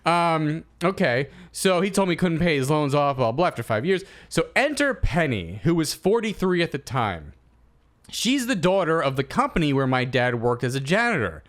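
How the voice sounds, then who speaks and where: A man in his thirties co-hosting a comedy podcast, telling stories in a casual, animated way and acting out quotes. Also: fairly high pitch, moderate pace. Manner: animated storyteller, acts out quotes. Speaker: podcast co-host.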